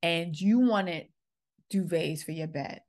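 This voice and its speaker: A woman's voice: lowish voice, slow pace, a little mellow. A middle-aged woman, a former school principal, earnestly telling a personal story and acting out the quoted exchanges. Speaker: podcast host, former principal.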